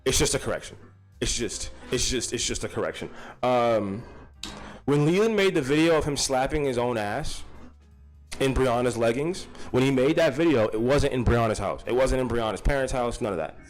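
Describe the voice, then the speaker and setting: A man's voice: medium pitch, expressive, moderate pace, faint music behind. A man hosting a casual livestream, rambling and swearing freely while greeting chatters by name. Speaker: livestream host.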